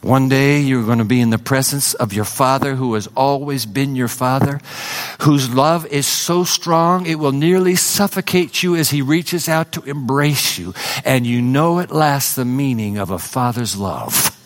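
A man preaching a sermon to a congregation, emphatic, swinging between loud declarations and hushed, intimate passages. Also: medium pitch, measured pace. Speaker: pastor.

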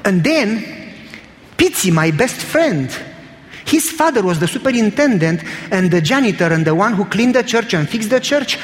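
A man's voice: sits high, animated, moderate pace, big-room sound. A man preaching a sermon in a church, telling stories in an emphatic, conversational way.

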